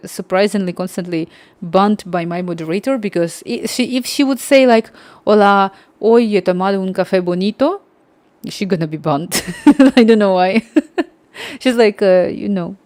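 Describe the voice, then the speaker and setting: A woman's voice: mid-range voice, a little mellow, no echo. A young woman from Ukraine, chatting casually on a livestream in a rambling way and talking straight to her viewers.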